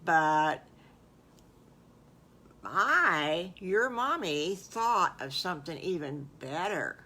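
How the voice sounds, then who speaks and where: Grandma doing a cheerful mother pig, bustling, bright and a bit low. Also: animated, drawn-out words, breathy edge, exaggerated voice. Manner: bustling, instructing.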